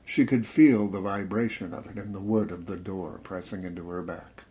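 Low-voiced man reading a suspense story. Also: steady tone. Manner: measured, dramatic reading that slows and drops to a hush at tense moments. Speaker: audiobook narrator. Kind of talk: scripted suspense narration.

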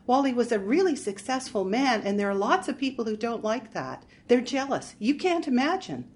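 A vain, wide-eyed widow who talks in a breathless, little-girl voice that rises high, as a woman reads her aloud. Her lines sound airy and naive. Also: sing-song, moderate pace. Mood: girlish.

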